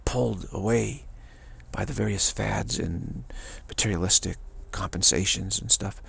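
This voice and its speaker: Brief: low-pitched man, very gravelly and raspy, loose rambling spiritual teacher, folksy with chuckles. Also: a little slow, fairly bright tone. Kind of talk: extemporaneous spiritual talk.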